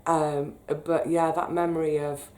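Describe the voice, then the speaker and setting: A British woman telling a personal story in a chatty, animated way, getting emotional as she recalls it. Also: sits low, measured pace. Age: 30s. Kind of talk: casual storytelling monologue.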